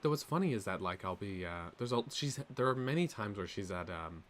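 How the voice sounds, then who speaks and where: Man, game streamer, casual chat, joking, very lively pitch. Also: brisk, a little hiss or hum. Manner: joking, chatty, reacts to viewer chat.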